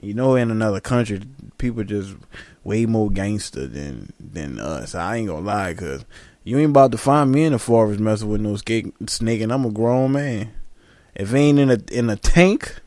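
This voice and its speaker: A young man spins slangy, animated stories in casual chat, his pitch swinging widely. The recording is dry and close, with no room sound. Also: normal speed, no room sound. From Southern United States. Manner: animated, slangy storyteller who laughs often.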